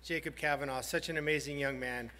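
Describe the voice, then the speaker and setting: A man, a high school principal, giving a heartfelt banquet speech and telling a story with some halting pauses. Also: fairly even intonation, background noise. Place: large banquet hall. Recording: hall reverb.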